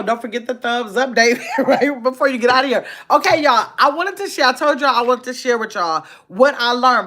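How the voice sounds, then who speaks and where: A woman hosting a casual livestream, reading viewer comments aloud and chatting quickly and playfully. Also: on the high side. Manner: talks fast, says so herself; lively, chatty, laughs easily. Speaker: livestream host.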